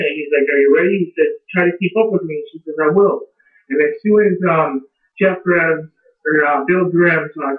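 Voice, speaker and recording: Man, casual rambling storyteller, echoey room, mic far off. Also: a little high. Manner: rambling, many fillers like "you know". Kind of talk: casual spoken retelling of a horror story. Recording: tinny, echoey, from a distance.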